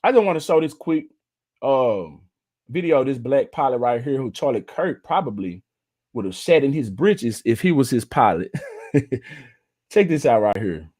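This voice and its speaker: A man's voice: medium pitch, big pitch swings, moderate pace, long pauses, darkish tone. A man hosting a casual livestream, giving blunt commentary, laughing often and mocking what he disagrees with.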